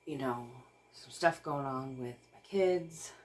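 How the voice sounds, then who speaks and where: A woman, talking slowly to her camera. Her voice sits low, and she sounds overwhelmed and close to tears. She rambles, stops and starts, and laughs nervously. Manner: rambling with restarts and sighs. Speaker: vlogger. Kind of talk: casual vlog talk to camera.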